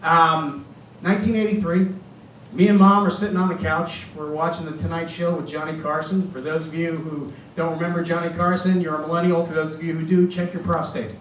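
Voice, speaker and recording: A man's voice: fairly high pitch, flat delivery, a little fast, a bit bright, a little hiss or hum. A man in his fifties from Boston doing a stand-up set on a club stage, rambling and self-deprecating. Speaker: stand-up comedian. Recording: roomy club, from far off.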